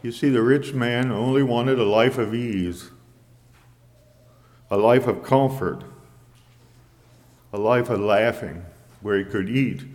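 A man preaching a sermon in a measured way, quoting scripture in old English. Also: fairly low pitch, darkish tone, big-room sound.

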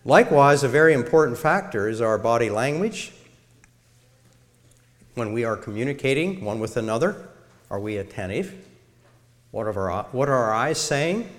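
A middle-aged man giving a sermon-style talk to a church congregation in a measured way, illustrating his points. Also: mid-range voice, expressive. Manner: measured, demonstrates tones of voice. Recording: long reverb of a large hall.

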